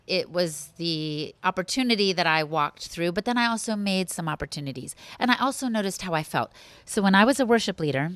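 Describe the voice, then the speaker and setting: A woman guest on a podcast, telling animated, rambling stories with frequent restarts in a casual conversational way. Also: on the low side, clear, resonant tone, no room sound.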